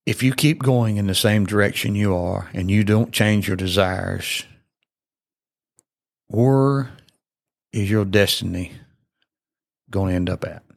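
A man's voice: fairly low pitch, slow pace, gravelly, long pauses, no room sound, clean studio sound. A man, hosting a podcast and preaching in an earnest, folksy, repetitive way with many fillers. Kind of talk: sermon-style podcast talk.

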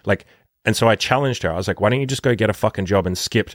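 A man's voice: on the low side, no room sound, studio quality. A man who works as a dating coach, talking casually and emphatically on his podcast with a lot of swearing. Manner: profane, emphatic, rapid-fire.

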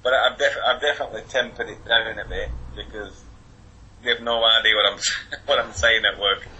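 Lancashire bloke in his forties on a skype call, really bright sharp voice, rambles and restarts a lot. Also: on the low side, fairly even intonation, fairly quick, slight background noise. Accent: Wigan, Lancashire. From Wigan, England. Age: 40s. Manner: chatty, rambling with many restarts. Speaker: podcast guest, football fan. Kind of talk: casual remote interview. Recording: lo-fi internet call.

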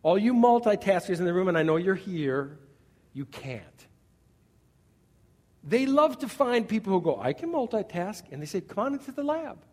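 Animated preacher in a big hall. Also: male voice, high voice, fairly quick, hardly any pauses. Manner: animated, acts out scenes, swings from loud to quiet. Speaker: pastor. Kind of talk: sermon. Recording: long reverb of a large hall.

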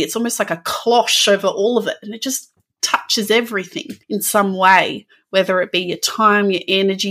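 A woman's voice: mid-range voice, a bit bright, slightly rough. Empathetic woman podcast host. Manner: empathetic, reflective, giggly. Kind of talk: casual interview chat.

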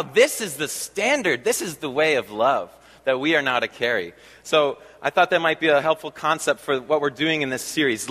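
A man's voice: a little high, pushed and bright. Man preaching in a reverberant church hall. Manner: conversational preaching with fillers and slow emphatic repeats. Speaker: pastor. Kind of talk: sermon. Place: church sanctuary. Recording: long reverb of a large hall.

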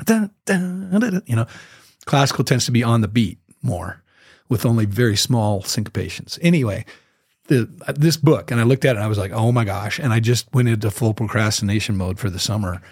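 A man guesting on an interview, telling a story with lively energy and scatting out the rhythms he describes. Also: lowish voice, husky, no room sound, studio quality. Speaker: guest musician.

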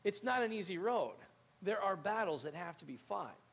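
A young man preaching in a church, with a high voice that has a gravelly edge. He is animated, acting out little scenes and jumping to loud outbursts. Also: moderate pace. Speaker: pastor. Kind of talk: sermon.

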